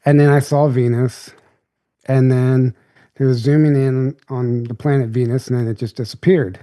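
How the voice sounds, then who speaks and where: A young man talks as a podcast guest, telling his story in a loose, casual ramble. His voice sits at an ordinary middle pitch with a soft, mellow, warm tone. The delivery is relaxed and unscripted. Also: moderate pace.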